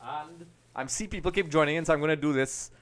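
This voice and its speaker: Speaking fast in a fairly high voice, a middle-aged man from Trinidad and Tobago hosts a live stream watching football. He chats to viewers by name and reacts to the match, getting excitable whenever there's a goal.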